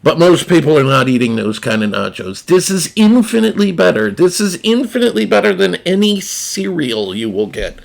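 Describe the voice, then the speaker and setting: A man's voice: a little high, expressive, normal speed, vocal fry, hardly any pauses. A man, chatting casually to viewers in a blunt, profane, rambling way. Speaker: gaming streamer reviewing a snack. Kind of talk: casual unscripted chat to viewers.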